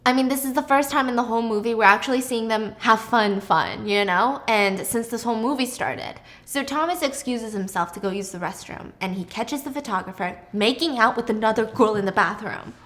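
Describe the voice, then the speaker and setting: A woman hosting a casual movie recap, chatty and animated, swearing freely as she tells it. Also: fairly high pitch, a little fast, few pauses. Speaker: host.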